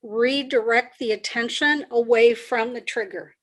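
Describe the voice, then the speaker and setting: A woman executive coach, a podcast guest, explaining ideas in a measured way and repeating key phrases. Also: fairly high pitch, fairly even intonation, a bit bright. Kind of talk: conversational interview.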